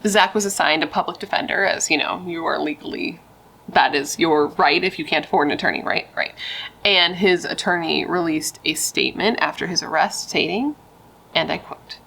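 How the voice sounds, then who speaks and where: A woman's voice: low voice, normal speed, creaky, bright, forceful tone, rough recording. A young woman telling a true crime story in a casual, blunt way, chatting and swearing with rambling asides.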